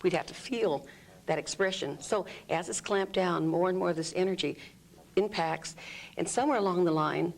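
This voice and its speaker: A woman's voice: on the low side, moderate pace, vocal fry. A woman explaining an energy healing technique in an interview, demonstrating groans, sighs and vocal sounds as she talks. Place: room under studio lights.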